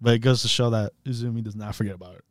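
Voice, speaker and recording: A man's voice: fairly low pitch, fairly even intonation, racing, no room sound, studio quality. A man co-hosting a podcast, chatting casually about anime, laughing often and acting out characters' lines. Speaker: podcast co-host. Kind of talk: casual chat recapping anime.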